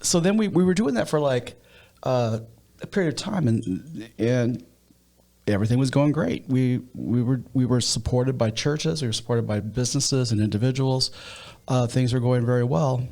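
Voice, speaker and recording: A man's voice: medium pitch, normal speed, creaky, darkish tone. A man with a Midwestern American accent, a pastor who leads a nonprofit, telling stories in an interview with many restarts. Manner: storytelling, with frequent restarts. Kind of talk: interview conversation.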